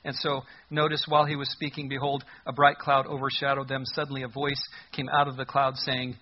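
A man's voice: mid-range voice, little pitch movement, fairly quick, slightly rough, lo-fi sound. A man preaching a sermon in a conversational, humorous way, reading scripture aloud. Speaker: pastor.

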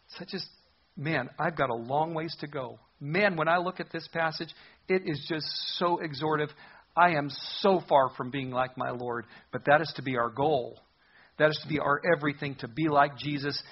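A man's voice: on the high side, moderate pace, slightly rough, dull audio. A man preaching a sermon as a pastor, earnest and conversational in his delivery.

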